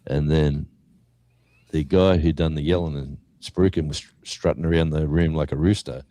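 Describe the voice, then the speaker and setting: A man's voice: extremely low pitch, normal speed, no echo. An Australian man, a guest musician, telling a story in casual chat and acting out what people said. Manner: animated storyteller acting out quotes.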